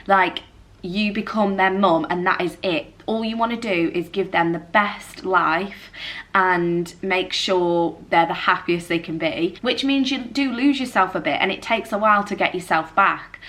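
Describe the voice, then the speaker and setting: A woman's voice: medium pitch, fairly bright tone. A young woman with a British accent talking candidly in a personal vlog, chatty and confessional, leaning on "like" as she goes. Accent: British English. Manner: chatty and confessional, leans on "like", slips into emotional moments. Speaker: vlogger.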